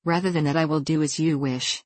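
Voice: mid-range voice, steady tone, a little fast, a little mellow, no echo, close to an everyday voice. A storybook reader voicing a young princess, proud and grieving, speaking in an indignant, sorrowful way. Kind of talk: storybook reading.

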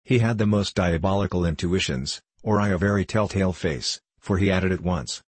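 A man narrating a classic novel in a measured, deliberate storytelling manner. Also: low-pitched, husky, no echo. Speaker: audiobook narrator.

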